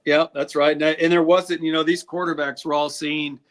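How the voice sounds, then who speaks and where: Male scout guest, candid and rambling, voice a touch high. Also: level tone. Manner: candid, quick, lots of restarts. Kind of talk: casual interview talk.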